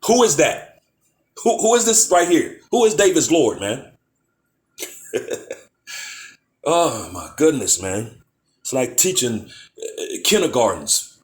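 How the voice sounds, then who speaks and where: A man teaching from the Bible in a casual, conversational way, reading verses slowly and firing off rhetorical questions. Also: a little high. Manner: conversational, peppered with "man, you know"; reads verses slowly and deliberately. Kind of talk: informal scripture teaching.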